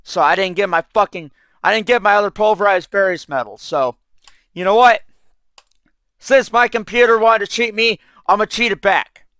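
A man's voice: sits high, normal speed, pushed and bright, no echo, clean studio sound. A young man giving casual, rambling commentary over his gameplay, frustrated and swearing constantly. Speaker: let's play gamer.

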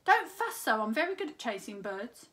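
A woman's voice: very high-pitched, sing-song, fast, a bit bright, pitched above the performer's own voice, heavily acted. A woman voicing a proud young tomcat who boasts and hisses at a bird. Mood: boastful. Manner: boastful, hissing.

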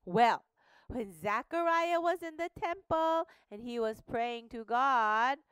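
A woman teaching a Bible lesson to young children, asking questions and having them repeat words slowly. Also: on the high side, clear, resonant tone, no echo, clean studio sound. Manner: animated, slow and questioning, prompts children to repeat. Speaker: Sunday school teacher. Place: studio.

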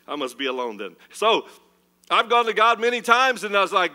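A man preaching a sermon as pastor, animated and swinging between loud, urgent passages and hushed ones. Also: sits high, fairly quick. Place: church.

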